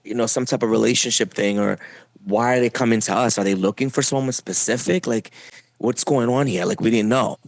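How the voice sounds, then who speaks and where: A young adult man from Puerto Rico telling his own story as a podcast guest, halting with frequent fillers and restarts. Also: medium pitch, vocal fry, no echo. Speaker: interview guest. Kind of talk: personal testimony.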